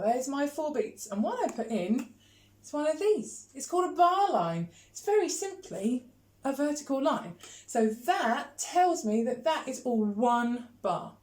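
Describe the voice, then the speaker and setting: A woman's voice: high-pitched, a little mellow. A woman teaching a rhythm lesson on video, counting beats aloud and chanting rhythm syllables in an encouraging way. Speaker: music teacher. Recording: echoey room.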